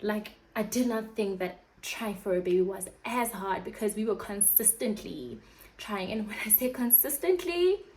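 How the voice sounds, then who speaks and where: A woman's voice: mid-range voice, expressive, moderate pace, a little mellow, a little hiss or hum, rough recording. A young woman vlogger telling a candid personal storytime, chatty and open, acting out her own past reactions in quoted asides.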